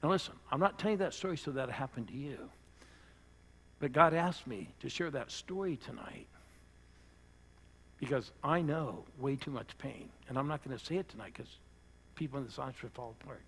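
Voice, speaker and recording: Older preacher guy, gravelly husky voice, tells his story loud then quiet. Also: medium pitch, normal speed. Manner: storytelling, swings from loud bursts to hushed lines. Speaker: pastor. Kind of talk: sermon with personal story. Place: church service before a live audience.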